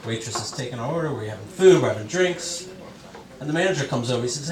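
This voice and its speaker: A man's voice: mid-range voice, animated, fast talker. Male stand-up, self-deprecating storyteller, heard from a distance in a reverberant club. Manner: conversational storytelling, self-mocking, mimics others in quoted bits. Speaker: stand-up comedian. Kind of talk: stand-up comedy set. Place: comedy club stage with a laughing audience. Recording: roomy club sound, mic far off, loud audience laughter.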